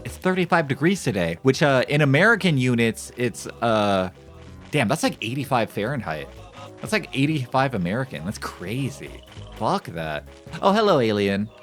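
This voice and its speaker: A man's voice: medium pitch, very animated, moderate pace, a bit bright, faint music behind. A male streamer giving casual, joking commentary while playing a game, rambling and reading game text aloud. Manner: repeats phrases in shifting voices.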